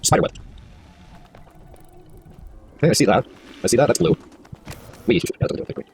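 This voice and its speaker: A man's voice: medium pitch, lively intonation, normal speed, gravelly, darkish tone, soft background music. A man hosting a casual let's-play of a puzzle game, rambling and talking to himself as he works through it, swearing now and then. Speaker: gaming video host.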